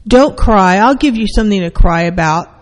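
A stern parent rebuking a small child with sharp questions, as a therapist acts it out. The voice is raised and pitched a little higher. A long hall reverb trails each line. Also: level tone, slow pace, natural voice. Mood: scolding.

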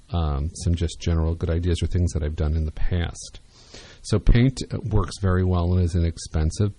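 Deep, mellow-voiced male radio host. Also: dry recording. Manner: conversational, rambling with many fillers and restarts. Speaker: radio show host, interior designer. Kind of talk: radio talk show advice.

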